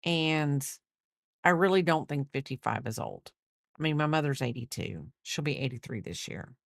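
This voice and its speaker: A woman's voice: deep voice, expressive, normal speed, gravelly, no room sound, studio quality. A woman in her fifties chatting casually while crocheting on a livestream, rambling and thinking aloud with lots of fillers. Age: 50s.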